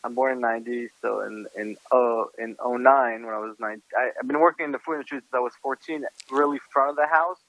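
A man in his thirties with an American accent, a chef answering interview questions in a halting way, restarting and repeating words. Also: medium pitch, steady tone, a bit bright, no room sound, poor audio. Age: 30s. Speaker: guest chef.

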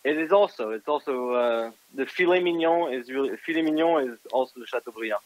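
A man in his thirties with an American accent, a chef answering interview questions in a halting way, restarting and repeating words. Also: medium pitch, no room sound, poor audio. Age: 30s. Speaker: guest chef.

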